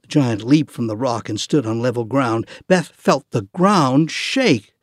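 A man narrating a children's audiobook in an expressive storytelling manner. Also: mid-range voice, measured pace, no echo, studio quality.

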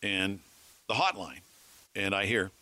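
A middle-aged man, a former weatherman and radio host, telling animated anecdotes among colleagues. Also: low-pitched, unhurried. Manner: animated anecdote-telling, acting out phone calls. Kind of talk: casual storytelling among colleagues.

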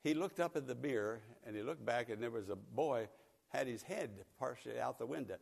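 A man's voice: mid-range voice, animated, fairly quick, vocal fry, slightly rough, big-room sound. An older man from Pennsylvania preaching a sermon, telling a folksy story and chuckling often. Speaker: pastor. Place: church sanctuary.

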